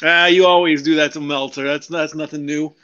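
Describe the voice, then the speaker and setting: A man calling in to a live show, with a high voice that sounds dull and muffled over the line. He rambles casually and jokes about drinking. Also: fairly even intonation, brisk, sharp tone. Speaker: caller. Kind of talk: casual chat.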